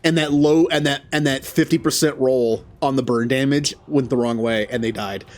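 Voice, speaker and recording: A man giving casual gameplay commentary. He talks to the characters on screen and yelps loudly at setbacks. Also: mid-range voice, steady tone, moderate pace. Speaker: gaming channel host.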